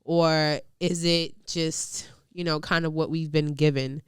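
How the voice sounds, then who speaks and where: A young woman hosts a casual podcast chat. She is frank and curious and scatters "like" and "you know" through her talk. Her voice sits a little low and comes through crisp and very clear, in a dry, close recording. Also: fairly even intonation, a little slow, no room sound. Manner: frank, curious, heavy on filler "like". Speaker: podcast host.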